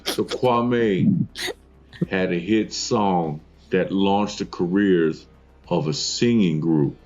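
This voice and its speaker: A man co-hosting a casual podcast, brash and crude with quick comic riffs. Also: low-pitched, animated, a little mellow, highs cut off. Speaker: podcast co-host. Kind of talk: casual chat.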